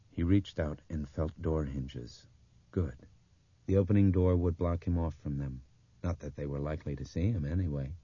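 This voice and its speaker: A very deep, dark male voice with a husky grain, reading an audiobook in a measured, even way. The recording is dry and slightly dull, with no room around it. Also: no echo. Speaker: audiobook narrator. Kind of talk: audiobook narration.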